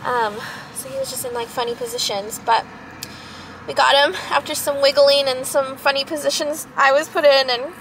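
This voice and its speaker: A woman's voice: high-pitched, steady tone, moderate pace, a bit bright, a little hiss or hum. A young woman vlogging casually to camera, chatty and rambling, a little out of breath. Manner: chatty, rambling, frequent laughs.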